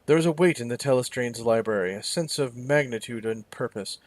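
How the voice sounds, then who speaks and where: A man's voice: mid-range voice, fairly quick, dry recording. A man hosting a let's play, reading the game's narration aloud with wry asides.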